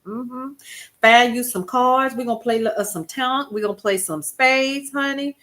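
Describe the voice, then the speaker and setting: A woman talks to her livestream audience in a relaxed, folksy way. Her voice sits a little high and sounds bright and forward. She tells stories with animated, quoted asides and calls out names from the chat. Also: normal speed. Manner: expressive, folksy, animated storytelling with chat shout-outs. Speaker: livestream host. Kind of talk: casual livestream talk to viewers.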